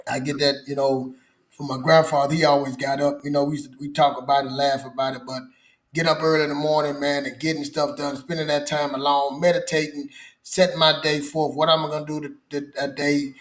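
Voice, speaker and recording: Easygoing male co-host, fairly high voice. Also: level tone, a little fast, a bit bright. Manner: easygoing, keeps saying "man" and "you know what I'm saying". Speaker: podcast co-host. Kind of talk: casual chat.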